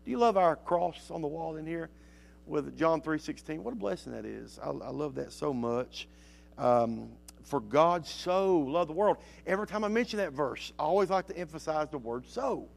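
A man preaching a sermon, reading scripture slowly and emphatically and dropping to soft asides in between. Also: a little high, animated, creaky.

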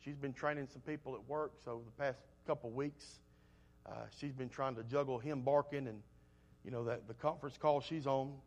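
A man preaching a sermon, telling homespun stories in a folksy way and swinging between loud emphasis and soft asides. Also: medium pitch, steady tone, moderate pace.

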